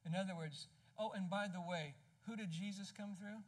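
A man with a notably high voice preaches a sermon, pressing each point home with emphasis. He keeps it conversational and throws rhetorical questions at the congregation as he goes. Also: steady tone, moderate pace. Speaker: pastor.

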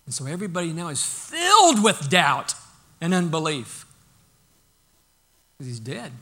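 A male pastor delivering a sermon in a casual, folksy manner, often stopping and restarting mid-sentence. His voice sits high for a man and sounds bright and forceful. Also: very animated, normal speed. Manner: conversational and folksy, with frequent restarts.

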